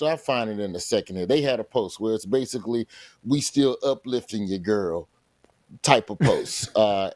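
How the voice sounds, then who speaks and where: Animated comedian with a drawl. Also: male voice, medium pitch, no echo. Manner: animated storytelling, slips into character voices. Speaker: guest comedian and TV host. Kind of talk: casual comedic chat. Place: remote, in London.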